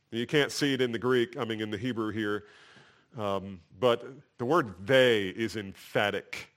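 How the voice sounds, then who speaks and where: A man's voice: mid-range voice, unhurried, fairly bright tone. Fervent male preacher reading scripture. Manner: reads scripture aloud with rising fervor, then drops to a conversational aside. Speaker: pastor. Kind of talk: sermon.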